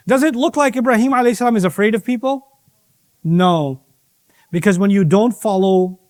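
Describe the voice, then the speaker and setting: A middle-aged man preaching a sermon to young people, animated and firing off rhetorical questions. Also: high-pitched. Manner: animated, asks rhetorical questions and acts out voices of others.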